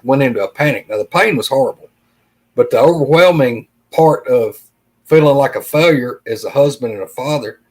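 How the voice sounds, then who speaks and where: A middle-aged man with a drawl tells a personal story as a podcast guest. His voice sits in an ordinary middle pitch, and he speaks earnestly and plainly, walking through each conversation beat by beat. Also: darkish tone, low-quality recording. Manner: earnest, plain-spoken, retells dialogue with "I said".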